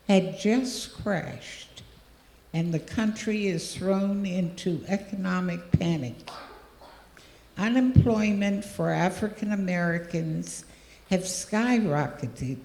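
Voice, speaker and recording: An older woman giving a gracious, deliberate speech as an honored guest at a ceremony. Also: medium pitch, vocal fry, dark tone. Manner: very slow, deliberate, gracious delivery. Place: large hall. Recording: echoey hall with long reverb.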